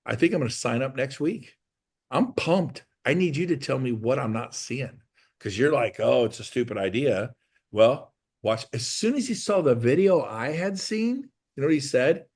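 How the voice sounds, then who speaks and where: Brash man telling stories. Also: mid-range voice. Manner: brash, acts out quoted dialogue in jabbing bursts. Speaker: guest speaker. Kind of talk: animated storytelling talk.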